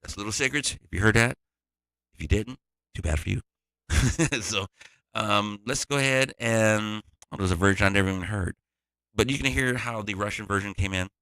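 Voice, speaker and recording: A man's voice: on the low side, normal speed, bright, forceful tone, no echo. A man, a music producer, giving a loose, digressive tutorial walkthrough.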